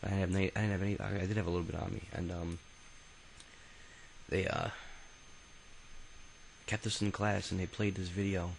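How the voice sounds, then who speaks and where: Man, deep and gravelly, telling his memoir off the cuff: rambling, profane, full of ums and restarts. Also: flat delivery, a little fast, long pauses, slight background noise, rough recording. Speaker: autobiography narrator. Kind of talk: casual spoken memoir.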